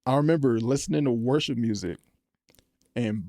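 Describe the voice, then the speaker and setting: Earnest young man, mellow voice. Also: medium pitch, moderate pace, no room sound, clean studio sound. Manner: earnest, animated when retelling, lively storytelling. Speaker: podcast guest, college football player. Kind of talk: casual faith testimony. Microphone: podcast microphone.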